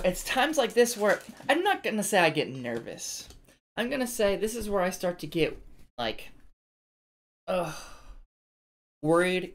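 A woman's voice: sits low, a little hiss or hum. A woman hosting a card-opening video, chatting to viewers in a chatty, self-deprecating way. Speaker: card-opening channel host. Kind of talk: casual chat while opening card packs.

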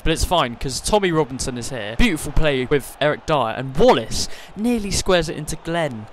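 A man giving sweary, excitable commentary over a football video game, breaking into shouts when he is excited. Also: on the high side, normal speed, few pauses, a little hiss or hum. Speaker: gaming YouTuber.

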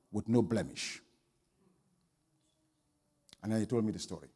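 A pastor preaching a sermon, telling a story that swings from quiet asides to loud exclamations. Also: male voice, on the low side, breathy edge, long reverb tail.

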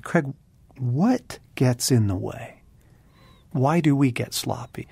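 A man's voice: medium pitch, expressive, slow, vocal fry, dark tone, husky. A man co-hosting a Christian talk show, speaking earnestly and reflectively and addressing the listeners as friends. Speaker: co-host.

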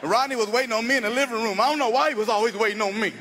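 A man doing stand-up comedy on a stage with a handheld mic, loud and animated, laughing at his own stories. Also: very high voice, rapid-fire.

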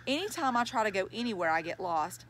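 Woman reading as a gentle school counselor. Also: mid-range voice, sing-song, fast, slight background noise. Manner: gentle, warm, reassuring.

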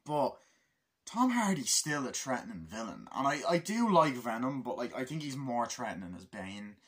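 A young man giving a casual film review, excitable and full of swearing as he retells scenes. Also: mid-range voice, moderate pace, husky. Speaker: movie reviewer.

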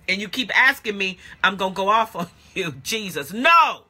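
A husky, very bright-toned woman preaching a live-streamed sermon. Her pitch swings widely as she drives home repeated phrases in a steady rhythm. She talks bluntly and plainly to her listeners and often breaks into loud exclamations. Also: normal speed. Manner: blunt and colloquial, speaks directly to listeners. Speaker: pastor and prophetic teacher.

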